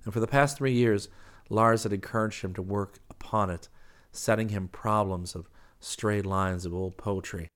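A man reading a novel aloud as a steady, even audiobook narrator. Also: lowish voice, moderate pace. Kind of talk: scripted narration.

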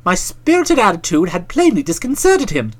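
A woman's voice: mid-range voice, sing-song, normal speed. A woman narrating a first-person comic audiobook in a wry, theatrical, mock-pompous manner.

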